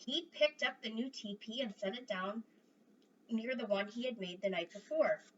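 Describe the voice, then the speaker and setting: A woman reading a children's novel aloud in an expressive, varied way. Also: a little high, moderate pace. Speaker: reader. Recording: distant dull mic with faint noise.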